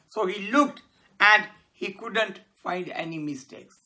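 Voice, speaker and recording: A teacher telling a moral story to children, pausing to explain words as they go. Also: mid-range voice. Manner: explains words, slow and animated.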